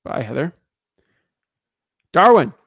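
A man's voice: a little high, slow pace, vocal fry, slightly rough, no room sound, muffled recording. A man hosting a live stream as a real estate coach, chatting casually with lots of fillers and restarts. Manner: energetic, rambling, many fillers and restarts.

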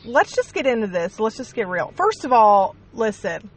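A woman's voice: on the high side, very animated, moderate pace, a loud crowd. A woman host with a Kentucky accent asking questions in a rambling, casual way with apologetic asides. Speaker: podcast host. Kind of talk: casual interview.

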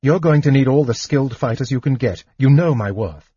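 A man's voice: medium pitch, lively intonation, brisk, dark tone, slightly rough, dry recording, lo-fi sound, pitched above the performer's own voice. Determined young woman warrior, as a man reads her. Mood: earnest.

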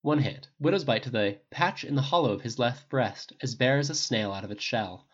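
A reader voicing a cool, lethal female spy who speaks calmly and quietly in a dull lo-fi recording. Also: medium pitch, a little fast, breathy edge. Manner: calm, quiet, smirking.

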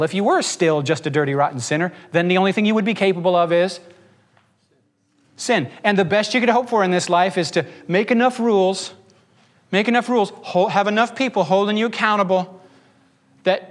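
High-voiced man preaching a sermon. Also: lively intonation. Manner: preaching with quick shifts between pace and pitch, acting out voices. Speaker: pastor.

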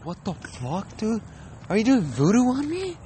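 A man putting on the voice of a frightened young man who is being pranked, high and stammering. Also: big pitch swings, measured pace, slight background noise. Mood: shocked.

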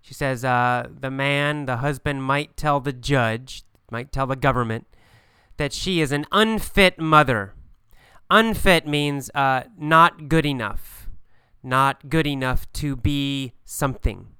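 A man teaching an English vocabulary lesson, speaking slowly and clearly and repeating key words with simple examples. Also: mid-range voice, sharp tone, no echo.

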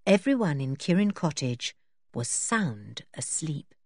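A woman's voice: deep voice, very animated, slow pace, a little mellow, husky, no room sound, clean studio sound. A woman narrating a children's storybook expressively and switching into voices for the characters. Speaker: audiobook reader.

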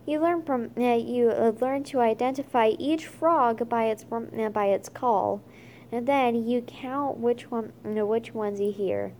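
A woman reads a children's storybook aloud at a very slow, careful pace, often stumbling with fillers and restarting her phrases. Her voice sits a little high, and a faint hiss of background noise runs under the recording. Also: mellow. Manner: halting, with frequent fillers and restarts. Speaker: reader. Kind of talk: reading a children's chapter book aloud.

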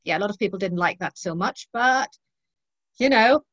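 A woman's voice: mid-range voice, moderate pace, a bit bright, no echo, highs cut off. A middle-aged woman talking about her work as a guest in an interview, frank and thoughtful with many ums. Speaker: guest, leadership trainer. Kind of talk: interview conversation.

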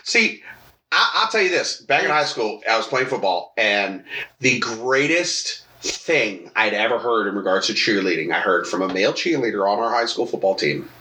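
A man's voice: on the low side, expressive, moderate pace, bright, forceful tone. A man co-hosting a casual podcast, telling a story with crude language, acting out the voices of the people in it. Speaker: podcast co-host. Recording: roomy echo.

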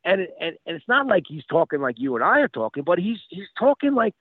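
A man telling stories as a guest over the phone. He talks in a lively, casual way, repeats words and acts out quotes. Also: high-pitched, brisk, slightly rough, dry recording. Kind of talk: casual storytelling. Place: outdoors by a street. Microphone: phone call. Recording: tinny phone line, dry.

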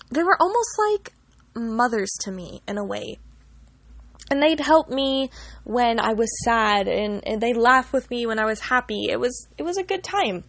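Young woman rambling thru a story, higher voice, gravelly fry, lots of "like", swears now and then. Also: no echo. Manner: rambling, full of "like" fillers and casual swearing. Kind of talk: casual personal storytelling.

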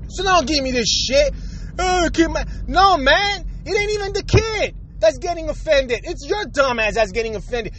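High-voiced vlogger, furious profane rant, faint traffic behind. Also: animated, normal speed, few pauses, a bit bright, low-quality recording. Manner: angry, emphatic, heavy swearing. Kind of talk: profane ranting monologue.

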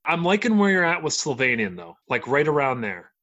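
A man with a Canadian accent co-hosting a podcast, chatting casually and excitedly, often breaking off mid-sentence. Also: on the high side, a little fast, lo-fi sound. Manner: animated, exclaims and trails off mid-sentence. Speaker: podcast co-host. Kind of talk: casual chat.

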